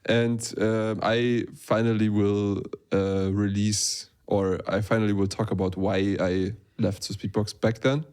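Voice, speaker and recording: A man's voice: on the low side, measured pace, few pauses, smooth. Casual young man co-hosting a podcast. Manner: relaxed, chatty, with frequent restarts. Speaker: podcast co-host.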